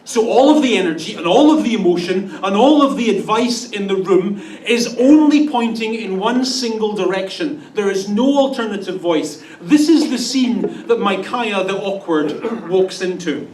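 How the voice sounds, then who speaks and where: A man's voice: high voice, lively intonation, normal speed, hardly any pauses, a little mellow, a little hiss or hum. A man with a Canadian accent preaching a sermon in a conversational way, often putting questions to the congregation. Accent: Canadian English. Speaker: pastor. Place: church sanctuary. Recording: roomy church sound from a distance.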